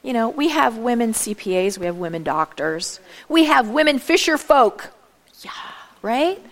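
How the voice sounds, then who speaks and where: A woman giving a lively talk to a church audience, chatty, with many asides, asking her listeners direct questions. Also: fairly high pitch, moderate pace. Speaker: speaker at a church event.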